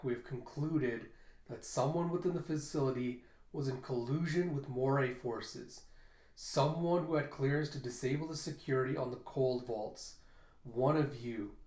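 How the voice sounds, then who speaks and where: A man reading aloud as a grim young woman soldier, the dutiful heir of a ruling family, speaks low and quiet in a steady, measured way. Her voice sits at a middling pitch. The room around her is roomy and echoey. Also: lightly acted. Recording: roomy echo.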